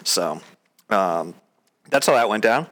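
A man's voice: on the low side, lively intonation, slow, fairly bright tone. A young man casually telling a story, swearing freely and acting out both sides of a past conversation. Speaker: storyteller recounting his proposal.

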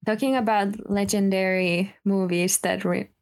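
A woman in relaxed conversation at a middle pitch. She talks hesitantly and searches for words, with lots of fillers. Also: measured pace. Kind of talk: casual chat.

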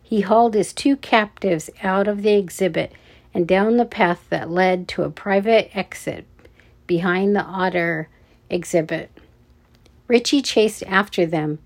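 Slow, measured woman narrator. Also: mid-range voice. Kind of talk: audiobook narration.

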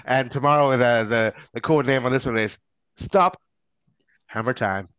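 A man's voice: mid-range voice, normal speed, a bit bright, smooth, dry recording, highs cut off. A man co-hosting a casual fan show, chatty and rambling through sponsor plugs with many restarts. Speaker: podcast co-host.

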